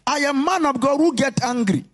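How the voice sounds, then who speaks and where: A man preaching a sermon as pastor, impassioned and often shouting in a sing-song preaching cadence. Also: extremely high pitch, moderate pace. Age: adult.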